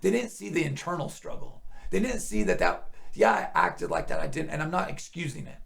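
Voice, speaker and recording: A middle-aged man sharing an emotional personal testimony in an interview, earnest, sometimes dropping to a hushed near-whisper. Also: medium pitch, very animated, fairly quick, vocal fry.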